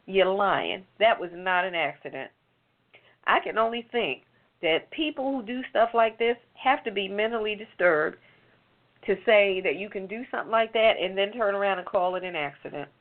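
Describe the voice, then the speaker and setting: A woman with a medium-pitched voice at normal speed delivers heated, sarcastic commentary on a late-night talk show. She fires off rhetorical questions, and the recording has a narrow, phone-like sound.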